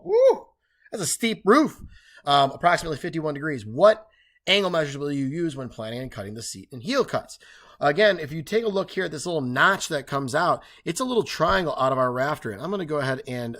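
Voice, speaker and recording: A man's voice: on the high side, a bit bright. A male math teacher working through review problems aloud in an upbeat, chatty way with playful slang asides.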